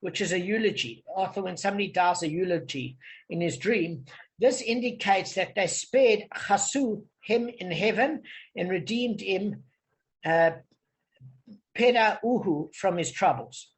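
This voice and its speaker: A South African man with a high voice leads an online Talmud study group. He explains things patiently and unhurriedly, often checking that everyone is following.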